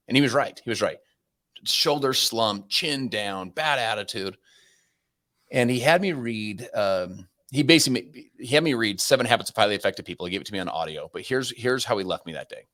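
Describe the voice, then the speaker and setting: Man, 40s, podcast guest, rapid energetic storytelling, low pitch. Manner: fast-talking, energetic, many restarts. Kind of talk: conversational storytelling.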